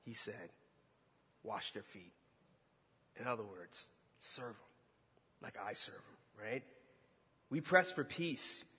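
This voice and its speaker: A man preaching a sermon, telling a story with animated energy and shouting at its peaks. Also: mid-range voice, slow, pauses often, slightly rough. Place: church hall. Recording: long hall reverb.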